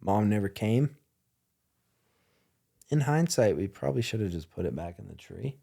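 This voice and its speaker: A man hosting a podcast in casual chat, animated and joking, often laughing and swearing. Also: on the low side, moderate pace, vocal fry, husky. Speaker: podcast host.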